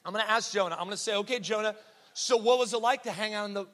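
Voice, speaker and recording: A man acting out an excited, stubborn seven-year-old girl in a sermon story, speaking insistently in a large reverberant hall. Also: high voice, very fast, pitched above the performer's own voice. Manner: insistent, eager.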